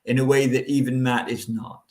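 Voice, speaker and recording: A man's voice: mid-range voice, little pitch movement, normal speed, a little mellow, roomy sound. A man co-hosting a podcast, explaining a book's details in a confident, casual way. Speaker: podcast co-host. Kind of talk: casual chat explaining a book.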